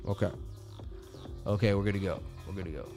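With soft music behind him, this crypto chart livestream host speaks a little fast in a low, mellow voice and fairly even intonation. He keeps his market commentary casual, chatting with viewers, cracking jokes and using slang.

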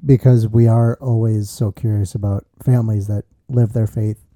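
A man's voice: fairly low pitch, level tone, moderate pace, mellow, dry recording. A man co-hosting a podcast, joking and affirming with frequent "yeah" and "sure". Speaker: podcast co-host. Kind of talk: casual chat.

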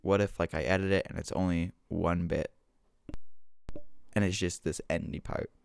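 A man's voice: sits low, little pitch movement, fairly quick, creaky, clean tone. A man rambling casually on his own show, goofy and self-mocking, talking at home into a desk microphone. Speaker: solo podcaster. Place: home room with washer and dog. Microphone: desk mic with gain control.

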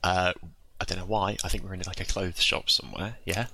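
A man's voice: low-pitched, fairly even intonation, a little fast, creaky, pushed and bright, a little hiss or hum. A man telling a childhood story in casual chat, swearing and acting out the people in it.

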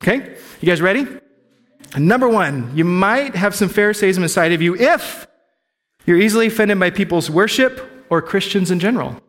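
Speaking at normal speed with animation, a middle-aged pastor opens up to his congregation about his personal struggles in a frank, conversational sermon. His high, slightly bright voice has a big-room sound from the church sanctuary.

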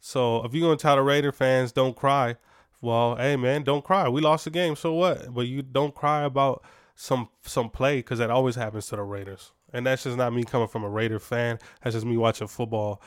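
A man hosts a sports podcast in a clear, resonant, mid-range voice with fairly even intonation, speaking a little fast. The recording is dry and clean, studio-sounding, as he gives casual, opinionated takes with lots of fillers and restarts.

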